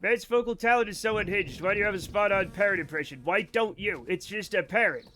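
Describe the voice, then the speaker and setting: Male game streamer, high voice, rambling and excitable, swears a lot, mock-angry banter with chat. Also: brisk, a little hiss or hum. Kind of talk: casual live-stream chat while gaming.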